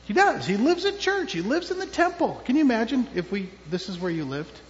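Animated high-voiced pastor telling children a story. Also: male voice, brisk, a little hiss or hum. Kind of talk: children's sermon. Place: church. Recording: dull with long church reverb.

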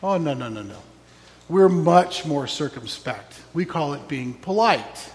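Slow-preaching pastor in echoing church. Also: male voice, on the high side, expressive. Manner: slow, reflective, wry asides. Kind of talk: sermon.

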